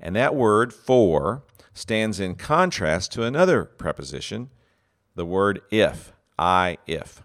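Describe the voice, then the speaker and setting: A man's voice: lowish voice, very animated, slow, a bit bright. A man giving a teaching talk on leadership, earnest and full of fillers and restarts, acting out example phrases.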